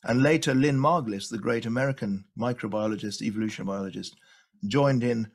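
A man's voice: mid-range voice, a little fast, vocal fry. A man lecturing eagerly, repeating words for emphasis as he walks through his slides. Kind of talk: illustrated lecture.

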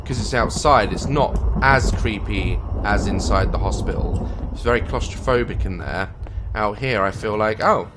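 A young English man giving jokey, swearing commentary while playing a horror game, with loud startled yelps. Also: fairly low pitch, moderate pace, heavy background noise. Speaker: gaming YouTuber. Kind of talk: let's play commentary.

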